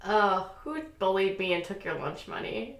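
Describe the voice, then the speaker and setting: A woman's voice: medium pitch, expressive, moderate pace, fairly bright tone, reverberant. A woman hosting her own channel, chatting casually with viewers in a sarcastic, joking, mock-serious way. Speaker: channel host. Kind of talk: casual livestream chat.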